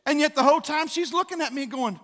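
A man's voice: very high-pitched, quick pace, a bit bright. A man, preaching a conversational sermon as a pastor and acting out quotes with growing fervor. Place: church sanctuary. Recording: long church hall reverb.

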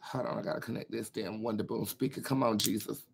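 A man's voice: fairly low pitch, fairly even intonation, quick pace, creaky, music in the background. A man hosting a live tarot stream in casual chat, sassy and profane, calling his viewers darling and girls while he sorts out his setup. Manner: chatty, talking to himself while fixing tech. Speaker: tarot reader hosting a livestream.

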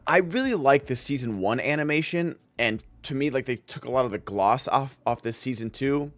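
A man's voice: mid-range voice, dry recording. A man streaming and chatting casually, enthusiastic and rambling, with lots of filler words. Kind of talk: casual chat.

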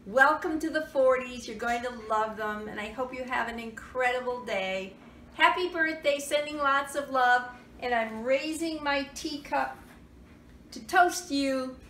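Cheerful high-voiced woman in an echoey room. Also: a little slow, a bit bright, distant mic, a little hiss or hum. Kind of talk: birthday video message.

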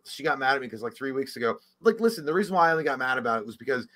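A young adult man co-hosting a casual movie chat, swearing a lot and acting out loud quotes as he tells stories. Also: mid-range voice, racing. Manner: profane, animated storytelling with shouted quotes. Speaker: podcast co-host.

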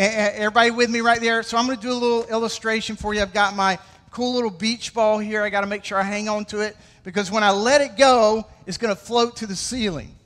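A Southern pastor preaches in a playful, joking style and keeps pulling the congregation in. His voice sits high and bright for a man, with long reverb from the church hall around him. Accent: American Southern. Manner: joking, playful crowd interaction. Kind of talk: sermon.

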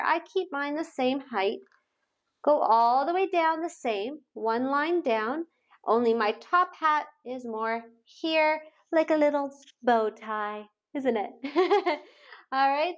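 A young woman teaching a phonics lesson to small children, speaking slowly and encouragingly and sounding out letters. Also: high-pitched. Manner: slow, sing-song and encouraging, sounding out letters.

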